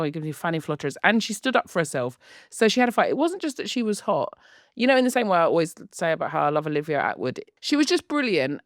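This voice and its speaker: A woman co-hosting a podcast, chatting in a gushing, animated way. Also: fairly low pitch, no echo, studio quality. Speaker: podcast co-host. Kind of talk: casual chat.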